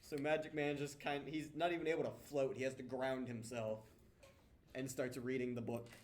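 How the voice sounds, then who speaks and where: A man's voice: medium pitch, normal speed. A young man narrating as game master of a tabletop game, talking casually and laughing often. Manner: casual, laughs often, lively voices for characters.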